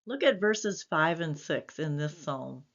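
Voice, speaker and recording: Slow, low-voiced woman pastor. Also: animated. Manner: gentle, earnest, reflective. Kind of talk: devotional sermon. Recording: slightly dull lo-fi recording.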